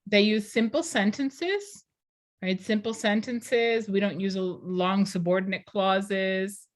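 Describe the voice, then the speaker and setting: A woman's voice: mid-range voice, takes it slowly. A woman teacher talking in a conversational, explanatory way during a class discussion over a video call.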